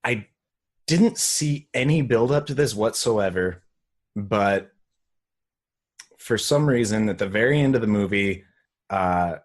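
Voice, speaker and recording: A man's voice: on the low side, animated, slow, long pauses. A man co-hosting a podcast, recapping a movie in casual chat, laid-back, swearing and laughing often. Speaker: podcast co-host.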